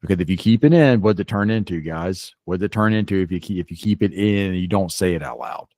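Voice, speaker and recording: A man's voice: sits low, fast talker, no echo, studio quality. A man co-hosting a podcast, telling a story animatedly, often restarting his sentences. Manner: animated, restarts, rises sharply when quoting. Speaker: podcast co-host. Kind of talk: casual storytelling chat.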